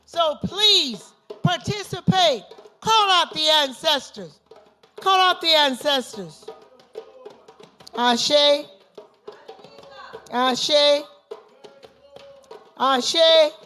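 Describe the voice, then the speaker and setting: A woman's voice: high-pitched, extremely slow, pauses often, bright, forceful tone, faint music behind. A woman leading a libation ceremony, chanting invocations and repeated call-and-response refrains. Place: gathering at an institution.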